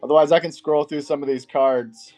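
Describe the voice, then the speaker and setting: A man's voice: a little high, fairly even intonation, fairly quick, dark tone, soft background music. A man hosting a live-stream auction, greeting viewers by name and rattling off card names.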